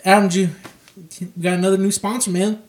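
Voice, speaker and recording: A man's voice: sits high, flat delivery, brisk, echoey room. Laid-back male podcast co-host. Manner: laid-back, agreeable, reads ads with a laugh. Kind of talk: casual chat.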